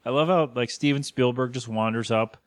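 A man's voice: medium pitch, no room sound. Joking man recapping a show, dry mic. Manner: joking, retells scenes with quick put-on quotes. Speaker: podcast co-host. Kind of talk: casual episode recap chat.

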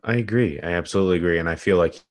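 A man co-hosting a podcast, rambling and joking in casual chat, often trailing off quietly. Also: deep voice, rapid-fire, dry recording, studio quality. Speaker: podcast co-host.

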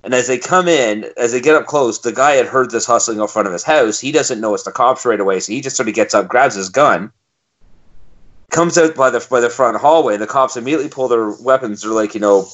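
Male podcast co-host, profane and exasperated storyteller, mid pitch, dull tone. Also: a little fast, fairly bright tone. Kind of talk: casual podcast chat.

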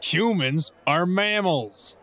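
A man playing a tabletop roleplay game in character, matter-of-fact and quick to correct the others. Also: high voice, expressive, bright, forceful tone. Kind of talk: in-character improv in an actual play game.

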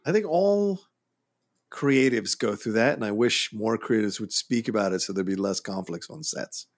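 A man co-hosting a casual film-discussion podcast, emphatic and quick to laugh along. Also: fairly low pitch. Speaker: podcast co-host.

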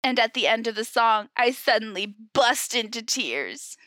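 A woman's voice: fairly high pitch, expressive, moderate pace, sharp tone, dry recording. A young woman co-hosting a podcast, reading fan fiction aloud in a comic, dramatic way and often breaking into giggles.

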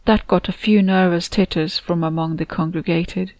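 A woman reading her own novel aloud in steady, descriptive audiobook narration. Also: on the low side, normal speed, few pauses, no room sound. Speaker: author and narrator.

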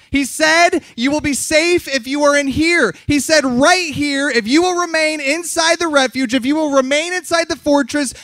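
A man preaching a fiery sermon at a youth conference, yelling hard and then dropping to soft, close asides. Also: very high voice, no echo.

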